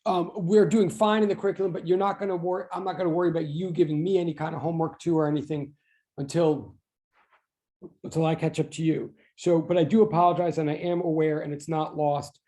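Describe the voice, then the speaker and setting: A man's voice: a little high, little pitch movement, fast talker, warm tone. A man teaching a physics class online, greeting students one by one and chatting in a rambling, self-deprecating way. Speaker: physics instructor.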